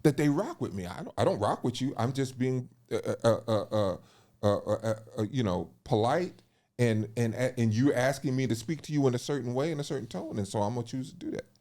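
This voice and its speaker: A man hosting a casual podcast conversation, talking in an animated, thinking-aloud way with repeated fillers and restarts. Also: mid-range voice, brisk. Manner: animated, lively storyteller who acts out quoted voices. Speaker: podcast host.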